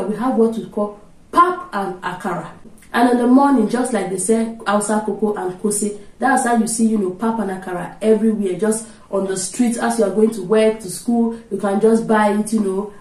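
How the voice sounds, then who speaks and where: A woman's voice: mid-range voice, moderate pace. A chatty woman from Nigeria with a Nigerian accent, vlogging casually to camera. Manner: lively and chatty, often laughing. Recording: roomy, from a distance.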